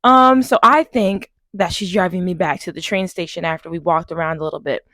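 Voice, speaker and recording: A young woman from Long Island telling a story to camera in an animated, exasperated way. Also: fairly low pitch, fairly quick, no echo. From Long Island, New York. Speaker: vlogger. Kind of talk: story time vlog.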